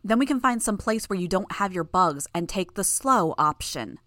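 A woman voicing a cruel, mocking young female villain who taunts in a raised, sharp voice. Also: mid-range voice, expressive, normal speed, dry recording, clean studio sound, lightly acted. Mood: threatening.

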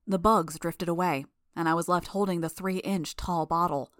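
A woman giving a measured first-person audiobook narration. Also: on the low side, fairly even intonation, fairly bright tone, no room sound, clean studio sound.

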